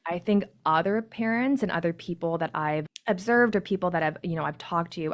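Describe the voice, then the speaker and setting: A woman's voice: low-pitched, vocal fry. A woman in her thirties, a parenting coach, speaking candidly and reflectively as a podcast guest. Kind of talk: casual podcast conversation.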